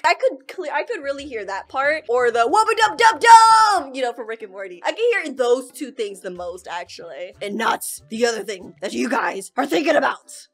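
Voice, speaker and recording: A woman's voice: high-pitched, a bit bright. A young woman giving casual, giggly reaction commentary as a YouTuber, often breaking into laughter. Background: game music clips.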